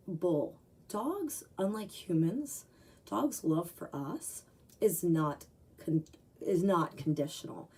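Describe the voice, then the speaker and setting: A woman's voice: on the low side, animated, unhurried, mellow, breathy edge, distant mic, poor audio. A middle-aged woman dog trainer giving blunt, opinionated advice in a conversational talk. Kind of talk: direct-to-camera advice talk.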